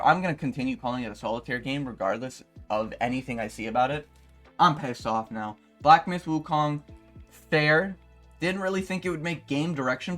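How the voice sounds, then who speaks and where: A young man YouTuber ranting in a profane, exasperated way, with sudden loud outbursts. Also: a little high. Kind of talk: ranting commentary video.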